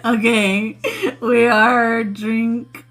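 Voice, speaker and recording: A woman's voice: on the high side, little pitch movement, extremely slow, fairly bright tone, soft background music. A woman chatting casually on a live stream, laughing often and swearing bluntly as she talks to her viewers. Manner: giggly, breaks into frequent laughter; blunt and profane, addresses viewers as y'all. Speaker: spiritual channel host.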